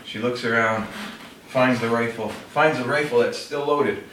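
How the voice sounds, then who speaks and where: Speaking at a measured pace in a mid-range, fairly bright voice, a storyteller recounts a fable casually, using fillers and self-corrections while demonstrating a classroom technique. The audio sounds roomy and distant, with faint noise.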